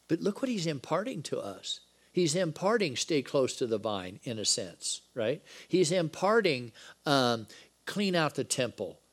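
Conversational male preacher, joking asides. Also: a little high. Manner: reads scripture dialogue with lively emphasis. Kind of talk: Bible-study sermon.

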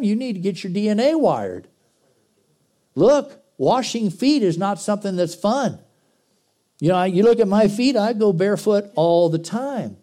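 A middle-aged man preaching a sermon as pastor, folksy and blunt, moving between loud exhortation and quiet intensity. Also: high-pitched.

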